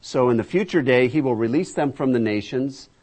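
A man's voice: animated, brisk, a little mellow. A man preaching a sermon, reading scripture emphatically and talking directly to his listeners between verses with many fillers. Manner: booming emphatic scripture reading, conversational asides.

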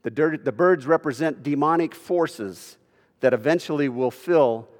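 A man's voice: on the high side, normal speed. Man preaching in a reverberant hall. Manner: folksy preaching with rhetorical questions to the congregation. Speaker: pastor. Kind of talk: sermon. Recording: long reverb of a large hall.

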